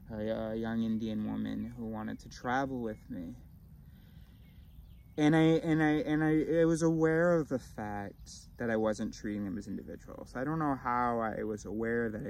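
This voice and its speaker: A man's voice: lowish voice, a little hiss or hum. Rambling man musing to camera. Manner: rambling, philosophical, many restarts, swings between loud and mumbled. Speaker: vlogger. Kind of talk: casual rambling monologue to camera.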